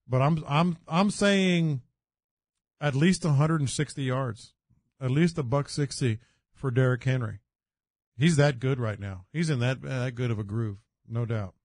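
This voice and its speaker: A man's voice: mid-range voice, a little slow, a little mellow, no room sound. An older man, a sports radio co-host, gives confident predictions and football history, stumbling through fillers as he talks. His voice is close and dry, recorded in a studio. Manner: confident, hesitant fillers, storytelling. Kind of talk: casual sports radio chat.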